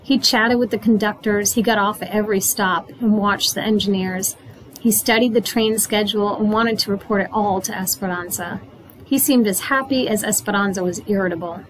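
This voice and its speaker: Woman narrator, chapter book read-aloud, steady, clear, average pitch. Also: moderate pace, slight background noise, rough recording.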